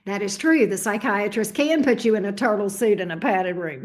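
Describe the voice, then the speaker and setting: A middle-aged woman who reads tarot hosts a livestream, casually chatting through viewer comments with a blunt, sassy, profane manner. Her voice is mid-range and her pace moderate.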